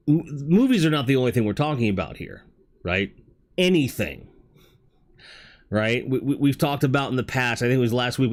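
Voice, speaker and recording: A man hosting a livestream talk show, speaking candidly in a rambling way and swearing casually. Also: lowish voice. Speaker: host.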